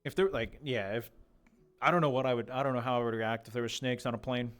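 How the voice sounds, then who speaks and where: Speaking fast in a fairly bright, medium-pitched voice that's a little worn, a young man chatters through a game stream. His talk is rambling and jokey, and he questions animals as if he were an interviewer.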